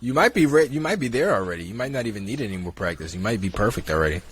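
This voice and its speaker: Animated teasing man on a podcast. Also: fairly low pitch, racing, slight background noise. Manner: animated, teasing, swears freely. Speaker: podcast co-host. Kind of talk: casual chat.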